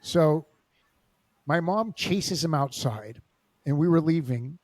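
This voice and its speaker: A man hosts a podcast and tells stories with animated energy, laughing often. His voice sits a bit high. The sound is dry and close, with no room around him. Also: slow pace, no echo. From Los Angeles, USA. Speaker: podcast host. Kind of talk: casual interview storytelling.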